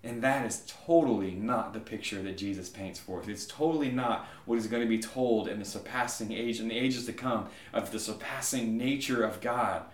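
A man preaching a sermon, animated and conversational, often checking in with a quick "right?". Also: lowish voice, reverberant. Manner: animated storytelling, frequent "right?" asides. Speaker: pastor.

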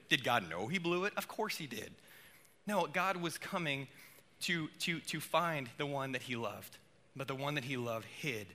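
A man preaching a sermon in a casual, animated way, with playful asides. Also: mid-range voice. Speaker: pastor.

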